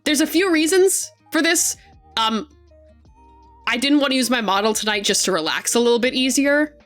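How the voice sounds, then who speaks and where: Young adult woman, streamer. Slightly high voice, excitable, swears freely, quick to laugh. Casual chat at a desk microphone. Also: soft background music.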